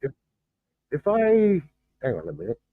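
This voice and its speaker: A man hosting a livestream in casual chat, halting and distracted, restarting his sentences as he fiddles with the stream settings. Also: high-pitched, huge pitch swings, vocal fry. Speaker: livestream host. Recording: thin phone-like video-call audio.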